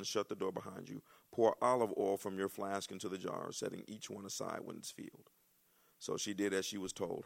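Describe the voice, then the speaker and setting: Man, pastor, sermon, gravelly voice, folksy and fired up. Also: fairly low pitch. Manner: preaches with rising, shouting excitement and folksy asides.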